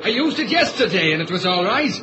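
An actor with an Irish accent playing a worried, urgent trapper in an old radio drama. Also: male voice, high-pitched, very animated, fast talker. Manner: uneasy, urgent. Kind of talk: vintage radio drama acting. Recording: muffled noisy old radio recording.

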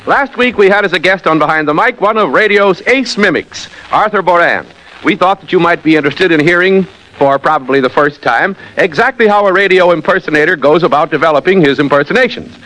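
A man hosts a 1940s radio interview, delivering scripted banter with wisecracks. His voice is bright and a little high. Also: fairly quick, low-quality recording. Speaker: radio host.

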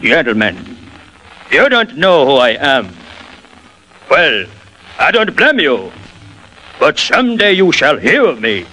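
A man impersonating a suave romantic man in a 1940s radio impression, speaking in a low, understated baritone. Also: takes it slowly, long pauses, heavily acted, low-quality recording. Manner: near monotone, understated.

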